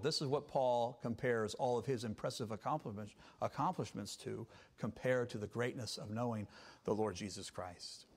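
A man preaching a Sunday sermon as pastor, emphatic and swinging between quiet passages and loud ones. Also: mid-range voice.

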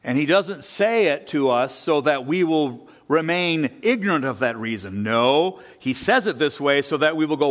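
A man's voice: on the high side, moderate pace. A man preaching a sermon as pastor, emphatic, asking and answering rhetorical questions. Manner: animated, rising and falling delivery.

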